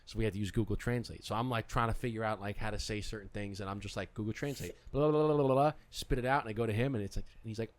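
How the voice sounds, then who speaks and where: This middle-aged podcast host speaks in a lowish voice, racing along with hardly a pause. Telling stories in a casual chat, he animatedly performs the quotes of the people involved.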